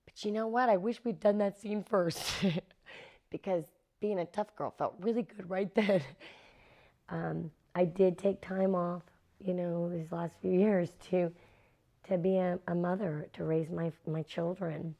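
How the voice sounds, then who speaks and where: A middle-aged actress being interviewed, animatedly telling stories and acting out the quotes. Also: female voice, on the low side, unhurried. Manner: animated, acts out quotes with laughs. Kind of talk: anecdotal interview storytelling.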